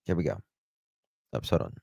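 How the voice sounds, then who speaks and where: A man's voice: warm tone, no echo. A man with a Southern accent hosting a live true-crime stream, reading news aloud and greeting viewers by name. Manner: slow, drawling, affectionate with viewers. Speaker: true-crime show host.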